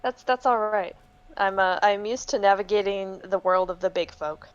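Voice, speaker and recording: A woman playing in a tabletop game, playful and quick with asides. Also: mid-range voice, clear, resonant tone, lo-fi sound. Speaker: player. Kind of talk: tabletop role-play as a player.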